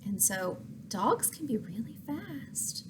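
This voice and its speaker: A woman reading a picture book aloud to children, pausing to ask questions and explain words. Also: on the high side, background noise. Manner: expressive, asks listeners questions, explains words. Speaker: story reader for children.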